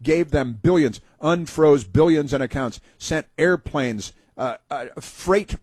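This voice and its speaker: Sarcastic husky-voiced male talk host. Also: a little high, slow, darkish tone, no room sound. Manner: sarcastic, mocking, rambling with many fillers. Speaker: radio talk show host. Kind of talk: political talk radio commentary.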